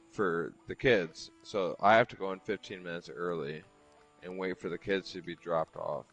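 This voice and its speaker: A man with a very low voice telling a personal story while he plays, rambling and cursing as he goes. Faint music runs underneath. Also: a bit bright, low-quality recording. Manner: rambling, profane, heavy use of "like". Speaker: streamer chatting while gaming. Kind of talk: casual chat storytelling.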